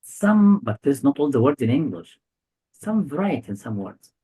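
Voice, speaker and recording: In a rough recording, a male tutor with a mid-range, dark, breathy voice swings widely in pitch while speaking at normal speed. He's teaching a one-on-one grammar lesson for an English test, quizzing his student over and over with brief questions in non-native phrasing.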